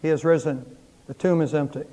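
A man's voice: a little high, steady tone, fairly quick, mellow. A man preaching an Easter sermon as pastor, praying and then building to fervent emphasis in a church. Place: church sanctuary. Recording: long church hall reverb.

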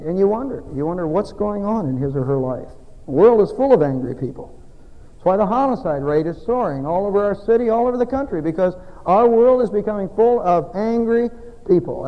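A man preaching a sermon as a pastor, emphatic and folksy, with loud exhortation and quiet asides. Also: high voice, in a large hall, highs cut off. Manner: folksy, self-deprecating humor.

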